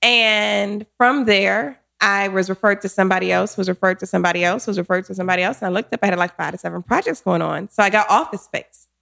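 A woman in her forties, a guest telling her career story in an interview, animated and quick to act out what people said. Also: mid-range voice, vocal fry. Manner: animated, acts out quotes, laughs often.

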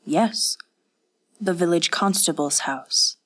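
A woman's voice: on the low side, slow, fairly bright tone. A woman reading the part of a male village constable who teases in a dry, knowing, lightly mocking way. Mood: matter-of-fact. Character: wry male village constable, teasing mentor. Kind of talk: audiobook character voice.

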